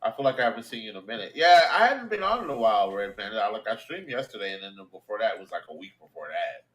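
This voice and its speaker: A man's voice: on the low side, big pitch swings, fast talker, fairly bright tone. A man co-hosting a casual live stream, asking questions hesitantly with many restarts. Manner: hesitant, full of fillers and restarts.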